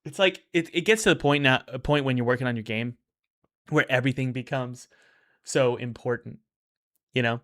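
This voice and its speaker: A man's voice: mid-range voice, moderate pace, a bit bright. A man in casual livestream commentary, reviewing indie games in an upbeat, rambling way with many restarts.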